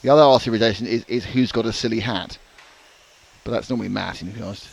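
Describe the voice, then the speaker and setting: A man's voice: fairly low pitch, creaky, a little mellow, a little hiss or hum. A man doing live race commentary, joking and teasing his co-host. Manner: jokey, quick, teasing. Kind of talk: live sport commentary with banter.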